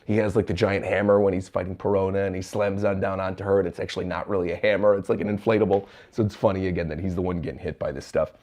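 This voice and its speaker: A man's voice: low-pitched, fairly even intonation, fast talker, hardly any pauses, a little mellow. A man streaming from a hotel room, reading manga panels aloud and reacting, chuckling often. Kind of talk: livestream manga chapter reaction.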